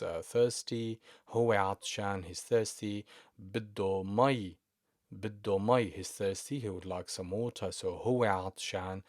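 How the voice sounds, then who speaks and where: A man with a Levantine Arabic accent teaching a language lesson, speaking slowly and patiently and repeating each word several times. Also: on the low side, no room sound, studio quality.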